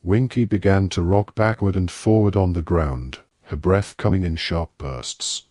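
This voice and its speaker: A man narrating an audiobook in measured storytelling. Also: sits low, darkish tone, slightly rough, no echo, clean studio sound.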